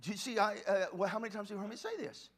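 In this sermon, a male pastor's high-pitched voice comes rapid-fire as he swings from soft, hushed passages to impassioned shouting. He frequently restarts sentences and says words more than once.

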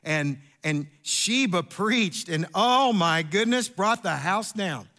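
A middle-aged man, preaching a sermon in an animated, storytelling way with asides and repeats. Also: high voice, slow pace. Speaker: pastor.

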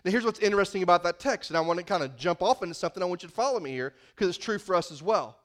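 A man's voice: high voice, expressive, racing. A male pastor preaching a sermon in a folksy, conversational manner.

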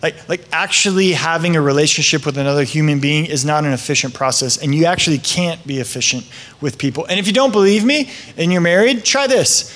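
A man preaching a sermon in a conversational, joking way with lively asides. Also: fairly high pitch, a little fast. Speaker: pastor.

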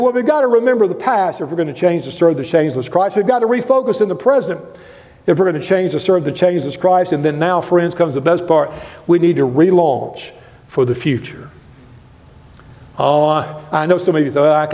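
An older man preaching a sermon as a guest preacher in a church, impassioned, swinging between loud highs and quiet lows. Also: fairly quick. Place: church sanctuary. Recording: long reverb of a church hall.

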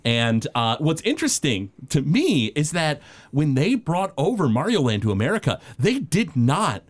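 A man's voice: on the high side, big pitch swings, normal speed. A man co-hosting a casual podcast chat, talking in loose rambling sentences full of fillers and restarts. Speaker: podcast co-host.

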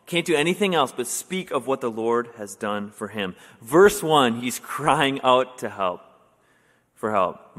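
A young adult man preaching a sermon in a casual, conversational way, with many fillers, getting animated when he tells stories. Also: mid-range voice. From Wisconsin, US. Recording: long hall reverb.

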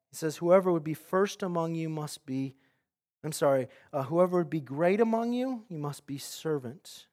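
A middle-aged male pastor preaching with a notably high voice. He is earnest and dynamic, pressing some lines out loudly and dropping others to a near hush. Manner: earnest preaching, swings from loud emphasis to hushed. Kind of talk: sermon.

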